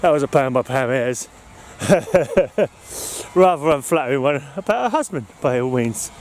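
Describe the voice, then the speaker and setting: A man's voice: mid-range voice, expressive, a little slow, darkish tone, slight background noise. A man in a casual walking vlog, out of breath as he goes, talking in a rambling, sweary way and chuckling often. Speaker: podcast host. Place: outdoors in an urban park.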